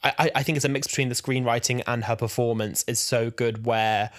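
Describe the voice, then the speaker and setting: A man's voice: medium pitch, fairly even intonation, fairly quick. A man in his twenties co-hosting a podcast, eagerly retelling scenes in casual chat. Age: 20s. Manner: enthusiastic, retells scenes with quoted dialogue. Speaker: podcast co-host.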